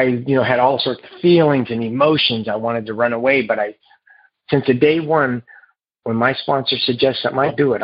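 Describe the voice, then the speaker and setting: A man telling his recovery story to a meeting in a halting, earnest way, heard over a phone. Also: mid-range voice, husky, no room sound. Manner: halting and earnest, with repeated restarts. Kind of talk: personal recovery story told to a group. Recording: muffled phone line.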